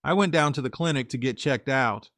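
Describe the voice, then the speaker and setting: A man's voice: medium pitch, fairly quick, a bit bright, no room sound, clean studio sound. A man narrating his own story in a casual, conversational way, talking to his listeners directly. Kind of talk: first-person story narration.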